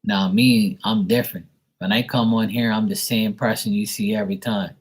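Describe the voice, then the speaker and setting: A man's voice: lowish voice, fairly even intonation, normal speed, breathy edge, rough recording. A man reading tarot on a live stream, talking in a rambling, chatty way and swearing freely. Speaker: tarot reader. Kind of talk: casual live-stream talk.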